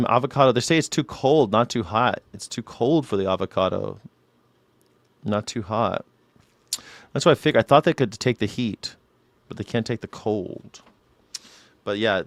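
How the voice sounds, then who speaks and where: A man's voice: fairly low pitch, dry recording. A man from California hosting a live news reaction stream, rambling and swearing as he chats with viewers. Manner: profane, rambling, chatty with chat readers. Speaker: news reaction show host. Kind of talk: casual live-stream commentary.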